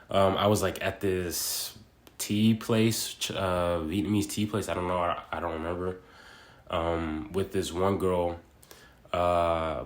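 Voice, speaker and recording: Casting: young guy in his twenties, deep low voice, loose slangy rambling vlog talk. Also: roomy sound. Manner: rambling, slangy, full of fillers like "bro" and "like". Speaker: vlogger. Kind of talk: casual monologue.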